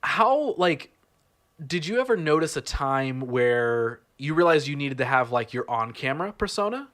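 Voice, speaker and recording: A man's voice: fairly high pitch, very animated, moderate pace, a bit bright. A man hosting a podcast, talking casually and rambling, with frequent restarts and fillers. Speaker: podcast host.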